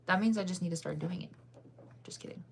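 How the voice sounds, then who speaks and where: A woman streamer chatting casually with her viewers, giggly and quick to get excited. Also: fairly low pitch, vocal fry, slight background noise. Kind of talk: casual livestream chat with viewers.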